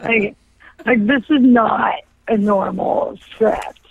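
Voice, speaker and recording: A woman's voice: medium pitch, slow, gravelly, husky. A woman actor chatting as a guest, rambling with lots of fillers. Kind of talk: casual interview chat. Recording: tinny dry phone line.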